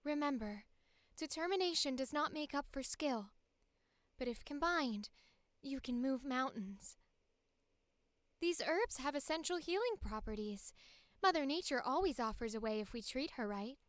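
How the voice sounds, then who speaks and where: A woman voicing a soft-spoken, tenacious young woman botanist in an anime-style audition read. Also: high-pitched, expressive, normal speed, no echo. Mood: gentle. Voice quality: soft, gentle.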